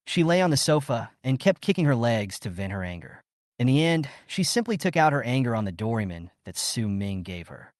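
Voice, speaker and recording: A man reading a scripted story recap as its narrator, in a steady storytelling manner. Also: medium pitch, a little fast, no echo, clean studio sound.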